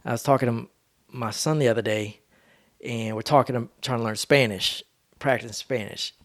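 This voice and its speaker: A man's voice: mid-range voice, fairly even intonation, moderate pace, a bit bright. A man hosting a solo podcast, talking in a rambling, laid-back, slangy way. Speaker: podcast host. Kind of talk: casual solo monologue.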